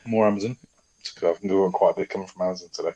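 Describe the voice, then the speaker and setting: A man's voice: deep voice, fairly even intonation, very fast, dull audio, crowd noise. A young man from Yorkshire co-hosting a podcast, joking, laughing and swearing freely in casual chat. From Yorkshire, England. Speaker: podcast co-host.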